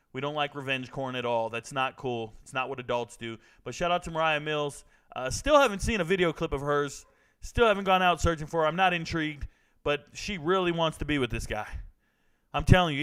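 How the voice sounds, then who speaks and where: A man's voice: on the high side, a little fast, a bit bright, clear, resonant tone, rough recording. A middle-aged man hosting a casual commentary vlog, brash and joking as he talks straight to his viewers. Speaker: sports and trends commentator.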